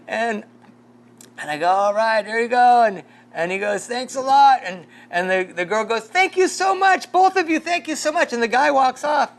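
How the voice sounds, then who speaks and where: A pastor leading a casual Bible study, rambling through a story with lots of fillers and chuckles. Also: male voice, sits high, gravelly, a bit bright.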